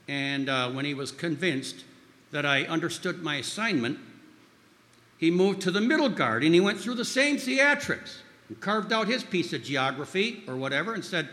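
A man's voice: a little high, expressive, moderate pace. A man giving an informal sermon with stories, rambling with frequent restarts and fillers. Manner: acts out quoted voices loudly. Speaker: speaker at a church gathering. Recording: long hall reverb.

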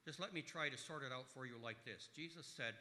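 A man preaching a sermon, stressing key words loudly and then dropping into quiet asides. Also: mid-range voice, fairly quick, big-room sound. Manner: emphatic, swings between loud stresses and quiet asides. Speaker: pastor.

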